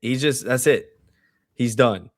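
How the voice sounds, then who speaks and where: A man co-hosting a podcast, excitedly recapping a TV show in casual, profane chat. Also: medium pitch, no room sound, studio quality. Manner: excited, profane, quotes characters in quick asides. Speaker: podcast co-host.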